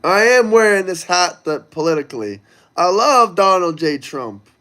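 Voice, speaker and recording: A man with a high-pitched voice hosts a casual livestream. He talks loosely and crudely, speaking directly to the people in his chat and reading their messages out. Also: big pitch swings, normal speed, bright, forceful tone.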